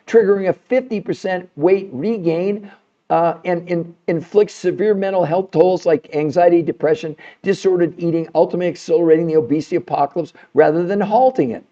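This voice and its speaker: Indignant man, livestream host, rhetorical questions, fairly high mellow voice, lo-fi sound. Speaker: host of a live health stream. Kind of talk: heated livestream monologue.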